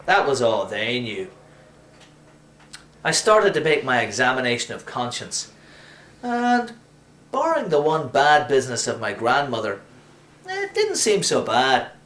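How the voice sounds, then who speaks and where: A man reading a first-person story aloud, wry and animated. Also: mid-range voice, unhurried, long pauses. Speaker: reader. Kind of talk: storytelling narration. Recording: roomy echo.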